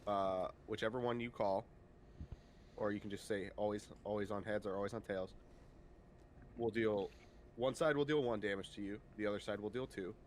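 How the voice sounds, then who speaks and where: Laid-back, low-voiced male game master. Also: slight background noise. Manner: relaxed, halting narration with many fillers. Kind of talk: narrating a tabletop game over voice chat.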